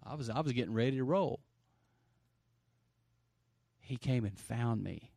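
A middle-aged pastor preaching an energetic sermon, swinging from loud bursts to hushed stretches and calling for amens. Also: male voice, medium pitch, unhurried, creaky, dry recording, clean studio sound. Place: church sanctuary.

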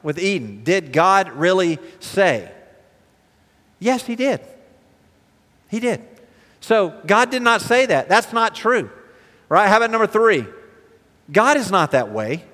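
A man preaching a sermon as pastor, animated, asking the congregation rhetorical questions. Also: sits high, a little slow, long pauses, long reverb tail.

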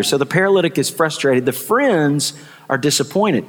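A man's voice: fairly high pitch, animated, moderate pace. Male pastor preaching in a reverberant hall. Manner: repeats key lines, voices the people in the story. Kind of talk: sermon.

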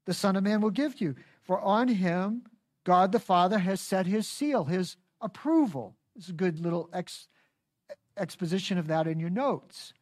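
A woman's voice: fairly low pitch, animated, normal speed, darkish tone, dry recording, studio quality. Woman preacher, folksy and emphatic. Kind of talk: sermon.

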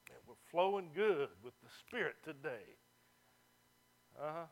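A man, a pastor preaching a sermon, who reads scripture loudly and then drops low and mocking to make his points. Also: expressive, a little slow.

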